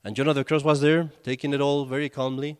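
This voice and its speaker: A man's voice: medium pitch, flat delivery, quick pace, clean tone. A man, a priest, giving a conversational sermon and telling stories with acted quotes. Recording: long hall reverb.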